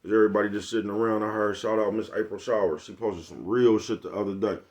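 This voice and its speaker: A man's voice: lowish voice, steady tone, fast talker, a little mellow. An older man, giving a blunt, preachy, profane motivational monologue to his viewers. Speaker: vlogger.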